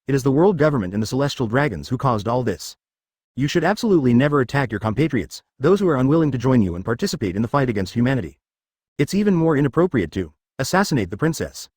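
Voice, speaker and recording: A man's voice: mid-range voice, big pitch swings, fast talker, darkish tone, husky, dry recording, clean studio sound. A man reading the part of a stern, solemn male fishman warrior in a web-novel story, speaking reproachfully. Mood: stern reproach.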